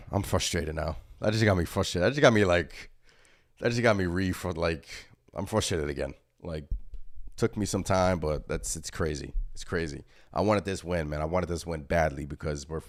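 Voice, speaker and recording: A man's voice: sits low, no echo, studio quality. A young man hosting a fan postgame show, ranting in a frustrated, repetitive way and reading out viewer comments. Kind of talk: casual solo postgame rant reading viewer chat.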